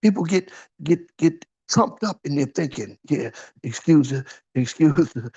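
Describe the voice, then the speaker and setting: A slightly high, dark voice with a breathy edge carries this informal sermon, animated but a little slow, with the highs cut off in the recording. The preacher talks conversationally and asks rhetorical questions. He keeps saying "huh?" to check in with his listeners.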